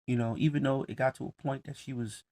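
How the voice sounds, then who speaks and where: A man's voice: mid-range voice, steady tone, fast talker, warm tone. A man with ranting bluntly and heatedly, with lots of profanity. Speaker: commentator. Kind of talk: casual rant to camera.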